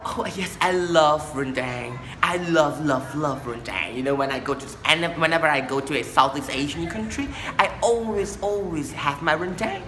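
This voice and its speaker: A woman's voice: low voice, a little fast, few pauses, fairly bright tone, faint music behind, pitched below the performer's own voice. A woman doing a prim, gushing Western lady neighbor. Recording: roomy, echoey room.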